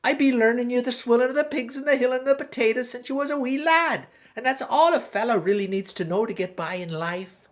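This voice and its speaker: A woman's voice: fairly high pitch, brisk, natural voice. A woman voicing a stern, plainspoken old farmer father.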